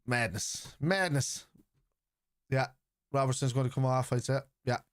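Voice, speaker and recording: This live football watchalong is hosted by a man with a Scouse accent who reacts to the match, argues bluntly with people in the chat, swears freely and calls out players' names. His medium-pitched voice is completely flat and a little fast, recorded cleanly in a studio with no echo.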